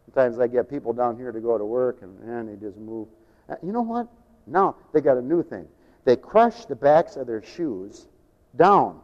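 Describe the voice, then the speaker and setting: An older man preaching a sermon as pastor, telling folksy stories, acting out voices and rising to shouts. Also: mid-range voice, lively intonation, normal speed. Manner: folksy storytelling, acts out voices, rises to shouting. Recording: dull lo-fi sound with long hall reverb.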